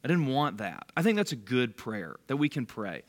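A man's voice: medium pitch, very animated, moderate pace. A man leading a bible study, giving a casual, conversational sermon and quizzing his listeners by name. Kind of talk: casual sermon to a small group.

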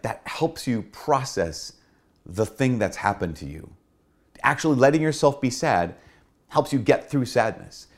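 A middle-aged man, a Catholic priest, giving an earnest spoken reflection and repeating key phrases for emphasis. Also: medium pitch. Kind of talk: spoken homily-style reflection.

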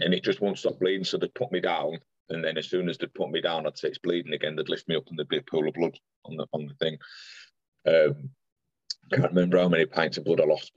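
A man's voice: a bass voice, darkish tone, husky, no echo, highs cut off. A young man, a podcast guest earnestly retelling a personal story in detail, with many restarts and quoted dialogue. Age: young adult.

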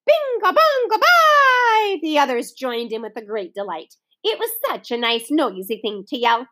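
In a kids' storytime, a woman with a fairly high voice reads a picture book at a moderate pace. Between passages she addresses the children directly, staying lively and putting on children's voices.

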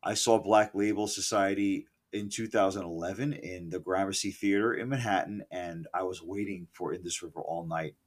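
A middle-aged man recalling a concert in a casual, profane and opinionated rant, full of asides, self-corrections and loud outbursts. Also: sits low, fairly even intonation, moderate pace, few pauses. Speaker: concert reviewer. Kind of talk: casual spoken concert recollection.

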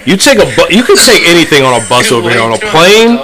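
A man co-hosting a casual podcast chat, telling profane stories in an animated way. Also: on the high side, fast talker, over a noisy crowd, low-quality recording. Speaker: podcast co-host.

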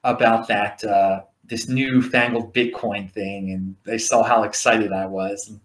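A man's voice: fairly low pitch, steady tone, unhurried, fairly bright tone. A man with a Baltimore accent, rambling through stories in a casual monologue to his stream viewers, often restarting his words. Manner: chatty, repeats and restarts words. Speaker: livestream host. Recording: echoey room.

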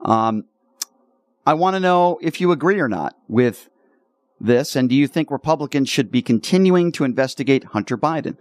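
A man's voice: mid-range voice, animated, normal speed, no room sound, clean studio sound. A man hosting a talk radio show, argumentative and emphatic in his commentary.

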